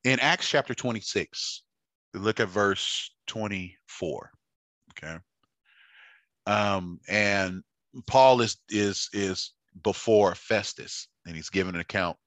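A man preaching a sermon, halting with fillers and restarts, building to fervent emphasis. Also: on the low side, fairly bright tone, dry recording.

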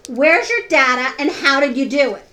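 A woman's voice: high voice, animated, moderate pace, bright, forceful tone. A woman co-host in a casual chat, indignant and mocking, with sneering imitations.

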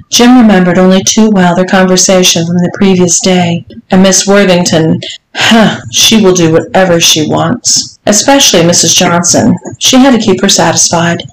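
A woman narrating a bedtime-style story in a measured, unhurried read-aloud. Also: fairly low pitch, slight background noise. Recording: roomy echo.

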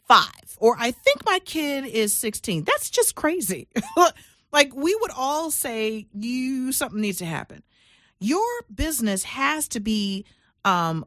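A woman's voice: on the low side, a bit bright, no echo, clean studio sound. A woman hosting a business talk show, speaking emphatically and with energy, using fillers and restarts. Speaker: radio show host.

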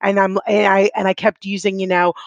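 A woman's voice: medium pitch, flat delivery, fairly quick, vocal fry, no echo, highs cut off. A woman co-hosting a podcast who speaks emphatically and dramatically in casual chat, repeating phrases for effect. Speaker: podcast co-host.

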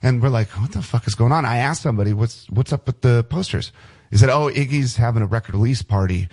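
A middle-aged man telling animated, profanity-laced stories in a casual interview. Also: mid-range voice, fast, slightly rough. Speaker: guest musician. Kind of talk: casual storytelling.

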